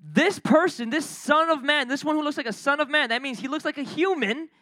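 A young adult man preaching a sermon in an energetic, conversational way, full of slang and quick asides. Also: very high-pitched, no room sound. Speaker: pastor.

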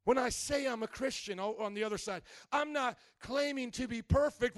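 A married man preaching a sermon, animated, swinging from quiet reasoning to loud shouting and playful mock voices. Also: very high-pitched, normal speed, hardly any pauses, no room sound. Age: adult, married. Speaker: pastor.

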